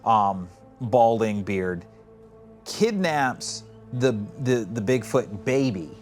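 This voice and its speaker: A man co-hosting a podcast in casual chat, telling stories in a rambling, animated way and acting out quotes with swearing. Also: medium pitch, slow, soft background music. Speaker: podcast co-host.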